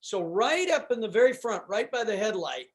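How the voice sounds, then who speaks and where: A man with a high speaking voice tells a story as a guest on a talk show. He meanders through it, doubling back on his words and dropping in asides as he goes. His delivery is casual and conversational. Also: sing-song, moderate pace. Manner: rambling, with restarts and "you know".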